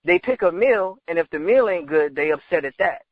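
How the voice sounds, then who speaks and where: A man co-hosting a podcast in casual chat, throwing in quick wisecracks, on a dull lo-fi recording. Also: a little high, lively intonation, no echo. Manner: wisecracking, short interjections. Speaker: podcast co-host.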